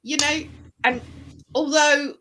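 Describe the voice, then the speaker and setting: A woman's voice: sits high, steady tone, takes it slowly, background noise. British woman, broadcaster-style diction. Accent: British, trained broadcaster-style. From England. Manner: chatty, explains at length, trails off and restarts. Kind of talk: casual group chat.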